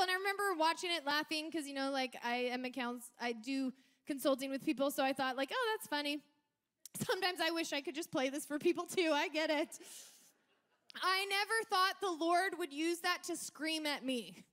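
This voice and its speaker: A woman with a very high voice delivers a sermon. She tells stories in an animated, lively way and now and then breaks into shouted lines. She sounds like a young adult. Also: a little fast. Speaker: preacher.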